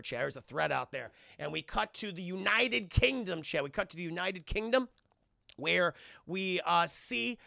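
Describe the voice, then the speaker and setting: Streamer, male, high gravelly voice, bright and excitable, recaps a film scene by scene and acts out lines. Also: dry recording, studio quality. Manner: excitable, acts out characters, keeps addressing chat. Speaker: film reviewer streaming to chat.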